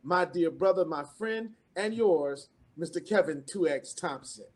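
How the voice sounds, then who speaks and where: Husky, rhythmic motivational host. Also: male voice, on the high side, a little slow. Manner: preacherly, rhythmic repetition, rising to excited calls. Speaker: event host introducing a speaker. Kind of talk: energetic motivational introduction.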